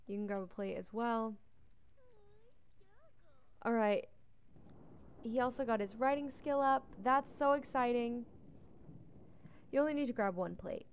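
A young woman with a creaky, mid-range voice that comes across clear and resonant provides easygoing let's play commentary. She talks to the characters in the game and yawns frequently throughout.

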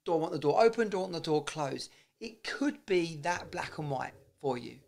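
A man's voice: on the high side, expressive, moderate pace, creaky, a little mellow. A man giving a casual, blunt motivational talk, swearing freely and often restarting his sentences. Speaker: self-improvement vlogger.

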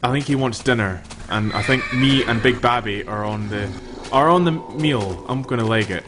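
A young man narrates a game in a loose, chatty way, cursing now and then and telling the creatures off. His voice sits at an ordinary middle pitch. Clear noise runs under the recording. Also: normal speed. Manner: chatty, swears freely, talks to the game's creatures. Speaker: gameplay commentator. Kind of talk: casual gameplay commentary.

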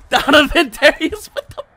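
A gaming channel host gives live commentary over a football video game, trash-talking in casual slang. He swings between low muttering and excited shouting, with slight background noise.

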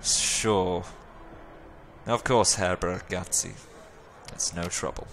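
A man's voice: sits low, fairly even intonation, slow pace, fairly bright tone, slight background noise, heavily acted. A man voicing a wry male runner in a video game, with a dry delivery. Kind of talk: reading a video game's dialogue aloud.

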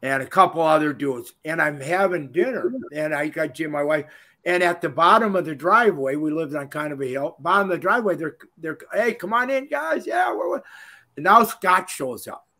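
A man, telling stories as a guest in a casual interview, folksy and animated, laughing often. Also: fairly high pitch, fairly quick. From Minnesota. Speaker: guest, retired pro wrestler.

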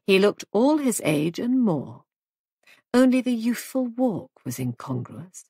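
A woman narrating a mystery audiobook in a measured storytelling manner, recorded close to the mic. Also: medium pitch, sing-song, mellow, breathy edge, dry recording.

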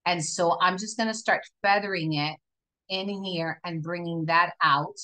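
Bright-voiced woman demonstrating makeup. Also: lowish voice, fairly even intonation, measured pace, low-quality recording. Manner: chatty, encouraging, talks viewers through each step. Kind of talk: live makeup tutorial.

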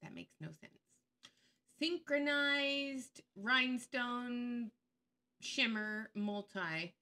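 A woman's voice: fairly high pitch, expressive, very slow, bright, forceful tone. A woman giving casual commentary on her channel, blunt and sarcastic, openly angry and swearing freely. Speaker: YouTube commentator. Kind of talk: casual screen-share commentary.

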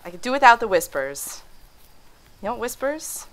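Speaking at a normal speed in a fairly high, sing-song voice, this young let's-play gamer records a horror game from a room at home. Her casual commentary is jumpy and full of swearing, with shrieks at each scare that she laughs away.

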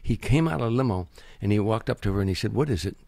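A man's voice: on the low side, fast talker, creaky, no echo. An older man, a comedian guest, telling anecdotes in an interview and acting out the quotes. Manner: animated anecdotes, acts out quotes. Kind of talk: storytelling interview.

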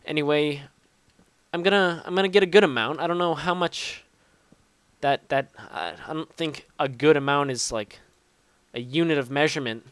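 A man's voice: fairly high pitch, moderate pace, fairly bright tone, clean tone, no room sound. A young man giving casual, rambling gameplay commentary, swearing often and poking fun at himself. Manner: rambling, profane, self-mocking. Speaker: gaming YouTuber.

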